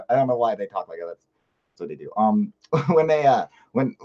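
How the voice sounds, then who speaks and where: A man with a fairly low voice talks loosely and at length as a live-stream host. He rambles, swears freely and pushes his points hard while answering comments. The sound is muffled and lo-fi. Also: sing-song, normal speed, long pauses, mellow. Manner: profane, rambling, emphatic. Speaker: live-stream host reading viewer chat. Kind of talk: casual live-stream chat.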